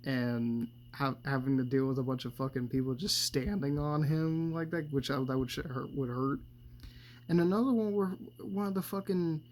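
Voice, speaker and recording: A man's voice: medium pitch, a little mellow. Brief: male vlogger, casual profane movie rundown, rambling and chuckly. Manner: profane, laughing often, loose and meandering. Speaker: movie commentator.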